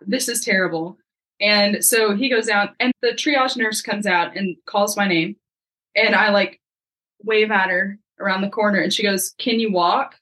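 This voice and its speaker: A young woman, a podcast guest, telling a story in a lively, casual way and acting out the lines of the people in it. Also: medium pitch, measured pace, low-quality recording. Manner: lively, acts out quoted dialogue.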